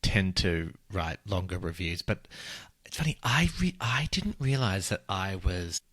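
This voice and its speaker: A man co-hosting a casual podcast, telling gossipy stories with animated swings in his pitch. His voice is bright and forward, and sits on the low side. The sound is dry and close. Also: measured pace, no echo. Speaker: podcast co-host, author. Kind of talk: casual chat.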